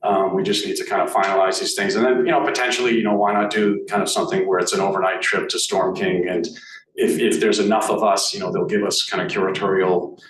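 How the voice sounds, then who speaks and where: A man with a Boston accent giving a board report at a meeting, halting with many fillers and restarts. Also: sits low, flat delivery. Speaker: board director speaking at annual meeting. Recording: echoey room, mic at a distance, faint noise.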